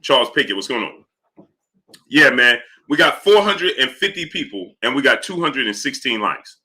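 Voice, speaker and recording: A man's voice: mid-range voice, very animated, normal speed, bright, forceful tone. A man hosting a casual live stream, talking through his point while he greets viewers by name from the chat.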